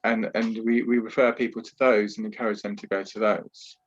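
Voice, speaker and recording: A man's voice: on the low side, level tone, fairly quick, husky, highs cut off. A man working as a trauma therapist and talking earnestly in a podcast interview over a video call, explaining at length with frequent restarts. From Britain.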